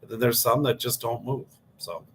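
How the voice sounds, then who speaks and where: A man's voice: medium pitch, moderate pace, slight background noise. A man co-hosting a radio show, talking in an easygoing, joking way. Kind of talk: casual radio talk.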